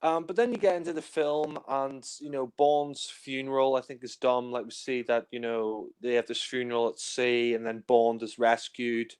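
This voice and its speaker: Chatty young man, smooth voice. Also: mid-range voice, fairly even intonation, normal speed, hardly any pauses. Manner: chatty, many fillers, acts out scenes in silly voices. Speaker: film reviewer. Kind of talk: casual film discussion.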